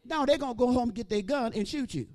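A woman preaching a sermon, starting low and quiet and rising to shouted, sing-song lines with rhythmic repeats. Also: quick pace.

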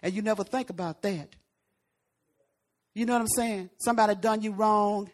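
A woman preacher delivers a sermon in a folksy, conversational way. She punches some words out loudly and then drops to hushed asides. Her voice sits at a middling pitch. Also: fairly even intonation, fairly quick, pauses often.

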